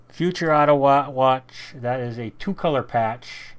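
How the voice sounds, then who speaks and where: A man's voice: mid-range voice, a little slow, few pauses, smooth. Man calling out a card break. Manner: reads off card names in short bursts, with sudden loud excited shouts. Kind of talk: live card break commentary.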